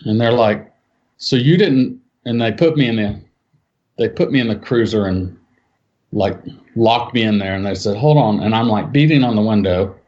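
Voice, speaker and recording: Man telling a tense story, lo-fi. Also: moderate pace. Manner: animated, acts out quotes with raised pitch. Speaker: eyewitness recounting a story. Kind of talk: casual spoken storytelling. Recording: dull lo-fi sound.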